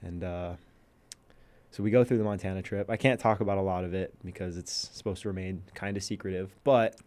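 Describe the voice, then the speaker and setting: Young male podcast guest, low voice, lively storyteller, casual. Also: brisk. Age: young adult. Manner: animated storyteller, acts out quotes.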